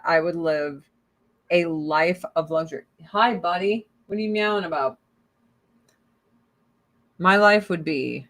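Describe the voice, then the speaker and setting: A woman chats casually to her online audience, swearing freely and speaking bluntly. Between rants she drops into cooing baby talk for her cats. Her voice sits at an ordinary middle pitch. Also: fairly bright tone. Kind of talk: casual livestream chat.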